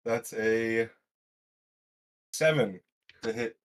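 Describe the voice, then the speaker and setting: A man playing a tabletop role-playing game, reasoning wryly through his character's choices out loud. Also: mid-range voice, very slow. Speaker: player. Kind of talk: casual tabletop game play.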